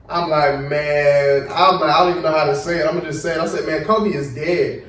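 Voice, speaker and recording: A man's voice: fairly high pitch, a little fast, recorded from a distance, slight background noise. A young man hosting a podcast, telling a story in casual chat and acting out what people said. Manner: animated storytelling, acts out quotes. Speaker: podcast host. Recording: echoey room, voice a bit off-mic.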